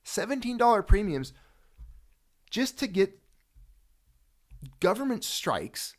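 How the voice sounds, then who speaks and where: A man hosting a casual video chat, talking straight to viewers in a jokey, animated way. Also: high voice, slow. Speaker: host.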